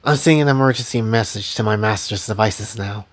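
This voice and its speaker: A man voicing a wary young fighter who speaks slowly and deliberately. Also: lowish voice, lightly acted. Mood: tense.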